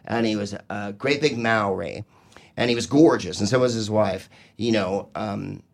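A man's voice: fairly low pitch, moderate pace, gravelly. A man from California telling loose stories in casual podcast chat, laughing often.

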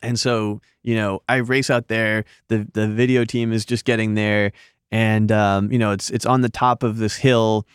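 Smooth-voiced man telling a rambling story. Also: lowish voice, little pitch movement, normal speed, no room sound, studio quality. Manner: rambling, lots of fillers and restarts. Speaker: magazine editor telling a story as a guest. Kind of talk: casual storytelling chat.

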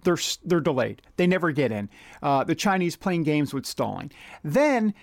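Man with a high voice, indignant rhetorical commentary, dry close sound. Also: sing-song, moderate pace, vocal fry, no room sound. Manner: indignant, rhetorical, reads out quotes. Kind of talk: political commentary monologue.

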